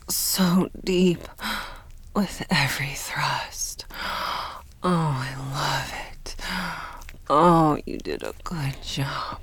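Low breathy woman, whispered role-play. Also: fairly bright tone, no room sound. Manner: slow, breathy, teasing and commanding. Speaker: audio role-play performer.

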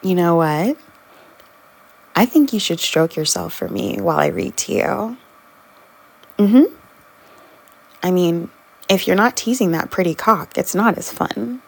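Slow, breathy woman in intimate role-play. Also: lowish voice, animated. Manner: soft, teasing, with frequent giggles. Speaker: audio role-play performer.

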